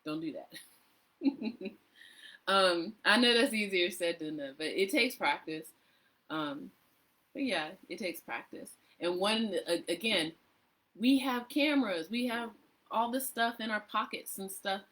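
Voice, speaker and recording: A woman's voice: medium pitch, lively intonation, unhurried, bright, forceful tone. A woman voice coach giving tips in a casual live online session, chatty, laughing often and acting out little voices.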